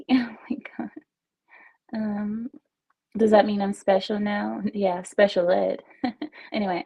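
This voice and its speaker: This Texas livestream host, broadcasting from home on wireless earbuds, chats and giggles through viewer comments with a self-teasing streak. Her medium-pitched voice is gravelly and mellow, captured with lo-fi sound.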